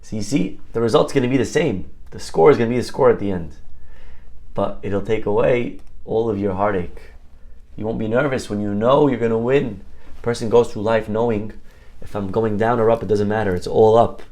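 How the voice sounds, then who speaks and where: A rabbi giving a Torah lesson in a conversational, storytelling way, often tossing in quick "right?" asides to his listeners. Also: fairly low pitch, mellow.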